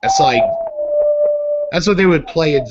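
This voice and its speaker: A man's voice: on the high side, measured pace. A man hosting a casual online group chat, rambling and joking with many fillers. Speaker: podcast host. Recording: slightly muffled with faint hiss.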